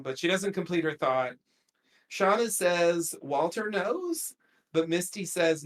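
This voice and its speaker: A podcast host talks through a TV episode at an unhurried, drawn-out pace, circling back with fillers and side comments. The delivery is loose and conversational, a casual recap among friends. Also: medium pitch, expressive. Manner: rambling, many fillers and trailing asides.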